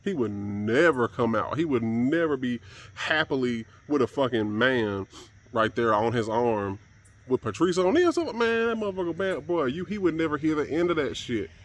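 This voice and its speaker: A man's voice: mid-range voice, big pitch swings, normal speed. A man giving a blunt, profane and exasperated solo commentary on camera.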